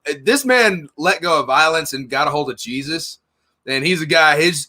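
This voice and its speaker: A man's voice: a little high, bright, forceful tone. A man hosting a casual chat, telling rambling, profane stories.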